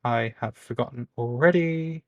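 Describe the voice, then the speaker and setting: A chatty British man hosts a casual online league stream. He talks in an upbeat, easygoing way and often pokes fun at himself. His voice sits at a middle pitch. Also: normal speed, highs cut off. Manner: upbeat, chatty, self-mocking. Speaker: league host and caster. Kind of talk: casual esports stream talk.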